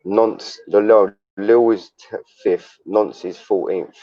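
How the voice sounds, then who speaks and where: A man's voice: on the low side, steady tone, measured pace, dry recording. Man chatting on a lo-fi stream. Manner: chatty, addresses viewers as "you lot" and "mate". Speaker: live streamer. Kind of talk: casual live-stream chat. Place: outdoors in the wind.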